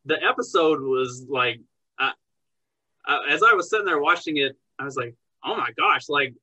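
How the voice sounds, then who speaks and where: Blunt, husky-voiced man with a high pitch. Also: lively intonation, normal speed, sharp tone, low-quality recording. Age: parent of young children. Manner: blunt, heated and profane, rising to angry outbursts. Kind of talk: casual conversational podcast.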